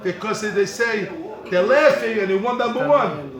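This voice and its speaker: A man's voice: high-pitched, animated, normal speed. A man teaching a yeshiva Torah class, repeating his points emphatically and calling out to students by name. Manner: repetitive, emphatic, calls out to students. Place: study hall with students. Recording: echoey hall with a crowd of students.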